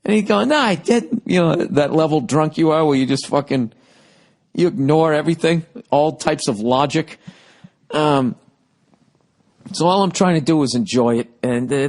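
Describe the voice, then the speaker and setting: A middle-aged man hosting a podcast, telling rambling comedic stories full of swearing and sudden jumps in pitch. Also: moderate pace. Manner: profane, animated storytelling with sudden pitch jumps. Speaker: podcast host.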